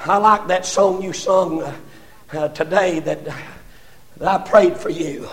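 An older preacher with a high voice delivers a fiery sermon. He swells into shouts, stumbles over repeated words as his passion runs ahead of him, then drops low again to drive a point home. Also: measured pace. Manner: impassioned, rising to shouts, stammering repetitions.

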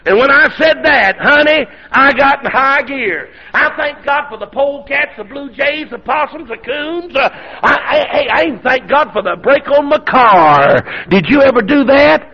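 A high, husky voice from a middle-aged preacher nursing a sore throat, gravelly at the edges as he spins a homespun story. He swings from hushed drawl to hollering praise. The recording is dull and lo-fi. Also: expressive, normal speed, few pauses. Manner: folksy, building to hollering. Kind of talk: sermon storytelling.

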